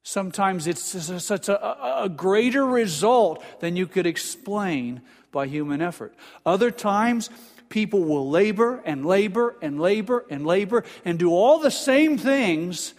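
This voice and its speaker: A man's voice: high-pitched, animated, measured pace, long reverb tail. An older man preaching a sermon as pastor, earnest, often stumbling and repeating words as he builds emphasis, on a pulpit microphone.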